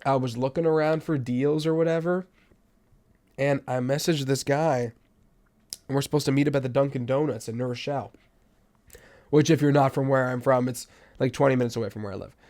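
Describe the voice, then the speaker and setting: Animated young New man telling stories. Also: fairly quick. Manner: animated, swings from loud outbursts to low mutters. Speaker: podcast host. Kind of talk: casual storytelling monologue.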